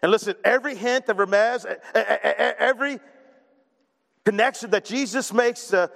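A man preaching a sermon in a conversational, animated way, often repeating words as he starts a thought. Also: high voice, moderate pace, creaky. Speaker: pastor. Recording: long reverb of a large hall.

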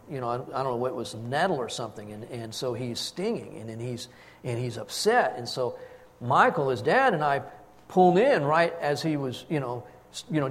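Animated older man preaching in a hall. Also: medium pitch. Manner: storytelling, animated, acts out quotes. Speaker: pastor. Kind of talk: sermon.

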